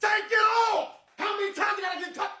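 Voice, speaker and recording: Woman doing a shouting airport security screener. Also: extremely high pitch, fast talker, some chatter behind, pitched above the performer's own voice. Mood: impatient. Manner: barking orders, shouting. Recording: echoey, from far off the mic.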